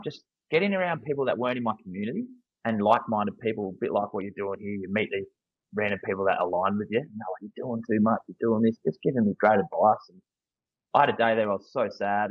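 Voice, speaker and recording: Husky, deep-voiced Australian man. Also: no echo, dull audio. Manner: candid and earnest, frequent restarts. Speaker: guest, football coach. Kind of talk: casual podcast interview.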